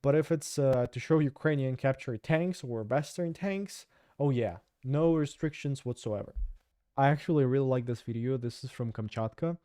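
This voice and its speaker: A man's voice: mid-range voice, normal speed, mellow, clean tone, dry recording, studio quality. Sarcastic man. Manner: sarcastic, chatty, with fillers and restarts. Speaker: host. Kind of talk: casual news commentary.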